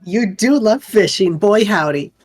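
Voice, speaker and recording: A woman's voice: medium pitch, lively intonation, measured pace, a little mellow, slightly rough. A woman streamer chatting casually while gaming, in a put-on Boston-New York accent, teasing her co-player. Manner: teasing banter.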